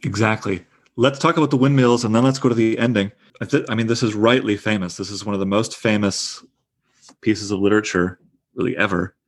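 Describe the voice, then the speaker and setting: A man leads a literature class in a chatty, enthusiastic manner. His voice sits on the lower side. He talks conversationally, with fillers. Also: fairly even intonation, brisk, breathy edge. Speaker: teacher leading a literature class. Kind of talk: lecture and discussion.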